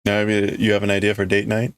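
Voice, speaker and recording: A man casually chatting on a livestream, talking quickly and laughing easily. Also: on the low side, completely flat delivery, clean tone, dry recording. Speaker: livestream host.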